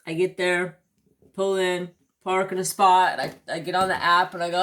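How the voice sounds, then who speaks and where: A woman's voice: lowish voice, flat delivery, normal speed, fairly bright tone, slight background noise. A woman hosting a crafting channel, telling a story in a casual, swearing, ranting way and acting out the quotes.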